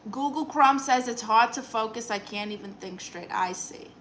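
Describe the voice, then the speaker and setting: A woman hosts a comic livestream as a self-styled aunt, reading out chat messages and tossing back sassy, deadpan replies. Her voice sits fairly high and sounds bright and forward, with a faint hiss of noise underneath. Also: moderate pace, low-quality recording. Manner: sassy, dry comebacks to chat.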